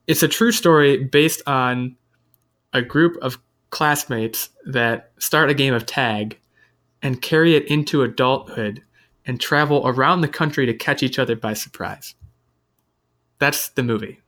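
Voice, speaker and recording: A man hosting a casual chat, running through upcoming movies from an article with a relaxed delivery full of fillers. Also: medium pitch, unhurried. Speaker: host.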